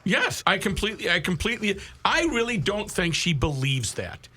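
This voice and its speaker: A man co-hosting a talk radio show, chiming in with questions and quick comments. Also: sits high, slightly rough. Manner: questioning, lively interjections. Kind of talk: casual talk radio banter.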